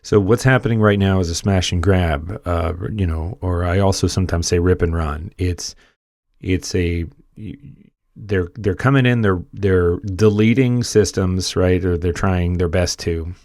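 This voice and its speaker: A man's voice: low voice, a little slow, darkish tone, no echo, clean studio sound. A man hosting a political commentary video, conversational and repeating words for emphasis. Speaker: commentary channel host.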